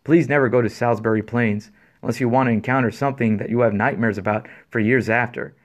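A man reads a listener's scary story aloud for a podcast, then trades dry, laid-back remarks with his co-host. His voice sits at an ordinary middle pitch. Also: steady tone, fast talker.

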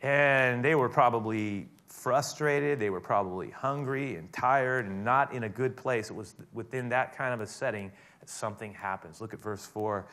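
A man preaching a sermon, retelling a story in a conversational way that swells into emphatic high points. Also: moderate pace, few pauses, fairly bright tone. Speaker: pastor.

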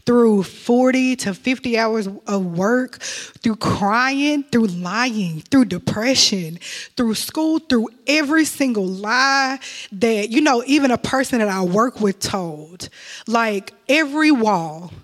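A young woman giving an emotional testimony in church, telling her story with sudden high exclamations. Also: animated, slow.

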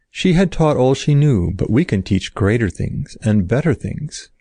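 A man's voice: mid-range voice, creaky, mellow, no echo, close to an everyday voice. A man voicing a group of faithless temple craftsmen who speak boastfully and scornfully, his voice raised above his usual tone.

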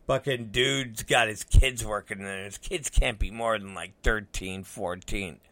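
A middle-aged storyteller with a fairly low, bright and forceful voice rambles through a casual anecdote at a measured pace. He swears a lot and acts out what people said, in a recording with no echo.

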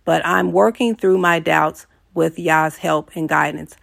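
A woman's voice: low voice, steady tone, a little slow, vocal fry, a bit bright, dry recording, studio quality. A woman hosting a venting show, giving a blunt, preachy, casual encouraging monologue that swears freely.

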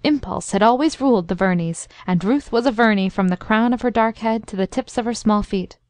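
A woman narrating a classic story in a measured, expressive reading. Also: mid-range voice, no echo. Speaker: audiobook narrator. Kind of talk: scripted narration.

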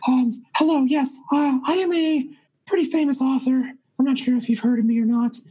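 A man's voice: very high-pitched, fairly even intonation, a little fast, mellow, breathy edge, poor audio. A man voicing a small, pompous, very old author who stammers and pushes. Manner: pretentious, pushy, stammering. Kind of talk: tabletop role-play.

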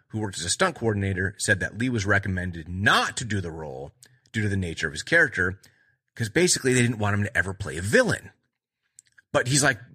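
A man's voice: on the low side, fairly quick, husky. A man retelling film scenes in a casual, rambling way, acting out the lines as he goes. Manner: rambling, animated retelling with acted-out quotes. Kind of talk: casual movie chat.

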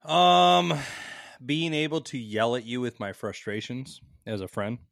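A man co-hosting a podcast in casual chat, excitable and cursing freely, his pitch jumping when he gets worked up. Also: measured pace, creaky, no echo, clean studio sound. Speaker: podcast co-host.

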